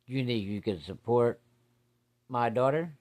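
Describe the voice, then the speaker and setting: A man telling a story voices a stern, protective older father grilling a young suitor, in a gruff, interrogating manner. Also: medium pitch, expressive, measured pace, a little mellow, voice pushed up, natural voice.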